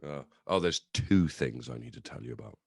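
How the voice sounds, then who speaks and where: A man hosting a podcast, chatting casually with blunt, sweary banter and animated storytelling. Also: deep voice, a little fast, gravelly, slight background noise. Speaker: podcast host. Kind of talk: casual chat.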